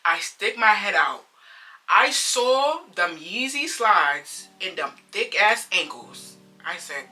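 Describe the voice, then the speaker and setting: A woman telling a story in a casual storytime vlog, animated and blunt, swearing freely and acting out what people said. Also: medium pitch, a little slow, far from the mic, faint music behind.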